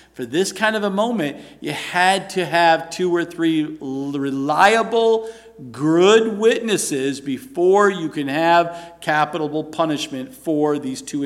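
Guy teaching through bible laws, earnest, asks the crowd questions. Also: fairly high pitch. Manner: earnest, rhetorical questions, dramatizes quotes.

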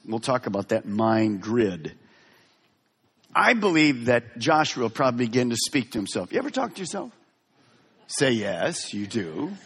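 A man preaching a sermon as pastor in a large church hall, dramatic, swinging from soft to loud. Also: medium pitch, breathy edge. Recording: long reverb of a large hall.

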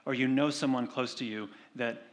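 A man delivers a sermon in a relaxed, conversational way. His voice sits in an ordinary middle register. He drops to a slower, gentler delivery whenever he reads from scripture. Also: mid-range voice. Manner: conversational preaching with animated retold stories; slows and softens for scripture reading. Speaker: pastor.

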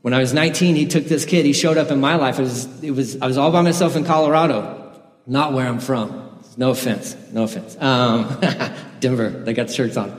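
A man's voice: mid-range voice, fairly quick. A man preaching a sermon, telling his own conversion story in an earnest, personal way with the odd laugh. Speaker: pastor. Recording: echoey hall.

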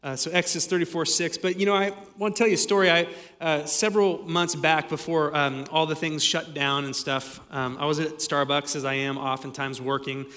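A man giving a sermon as pastor, telling stories in a relaxed, conversational way with frequent fillers. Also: a little high, a little fast, few pauses. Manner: conversational storytelling with many fillers. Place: church sanctuary. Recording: long hall reverb.

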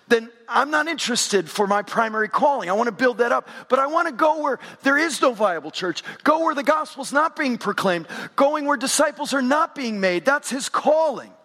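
A man's voice: sits high, a bit bright. A man preaching a sermon as pastor, engaging his congregation directly with questions. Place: church sanctuary with congregation. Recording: long reverb of a large hall.

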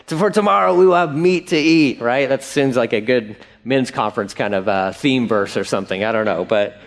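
A man's voice: medium pitch, fairly quick, few pauses. A male pastor preaching a conversational sermon, acting out quotes and asides.

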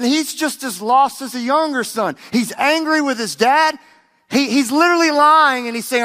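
A man's voice: high-pitched, bright, forceful tone. A male pastor preaching a sermon, speaking emphatically and having the congregation repeat words back to him. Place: church sanctuary. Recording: long reverb of a large hall.

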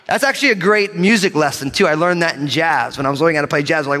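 A male pastor delivers a sermon to his church, lively and playful and calling out for amens. His voice sits a little high. A long reverb from the large church hall trails behind his words. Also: quick pace, few pauses. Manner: lively, joking, calls for amens. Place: church sanctuary with live congregation.

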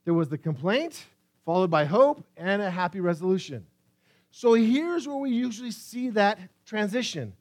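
High-voiced preacher, hushed then loud. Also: male voice, very animated. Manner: reads scripture slowly and emphatically, swings between hushed and loud. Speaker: pastor. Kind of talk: sermon.

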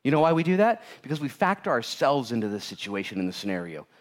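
Speaking quickly in a mid-range voice, a male pastor preaches through animated tales. He performs the voices of the characters and keeps things jokey, laughing at his own punchlines.

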